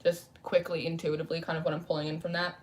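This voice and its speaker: A woman's voice: low voice, flat delivery, fast. A young woman chatting casually on a livestream as a tarot reader, rambling as she reads and answers viewer comments. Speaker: tarot reader streaming live. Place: home room lit by candles.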